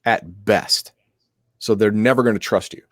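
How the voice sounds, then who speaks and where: Sick, low-voiced man explaining game lore. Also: steady tone, measured pace, no echo. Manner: rambling, explanatory, many restarts. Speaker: co-host of an RPG stream. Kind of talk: casual chat.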